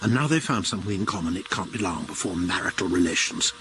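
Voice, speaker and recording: An actor playing a sociopathic older academic father in a radio comedy, dry and deadpan. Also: deep voice, fast, noisy background.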